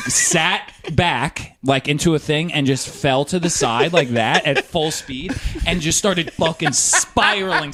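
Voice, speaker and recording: A man's voice: high-pitched, a bit bright, a little hiss or hum. A man co-hosting a podcast, telling a story in casual, profane, rambling chat. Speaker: podcast co-host.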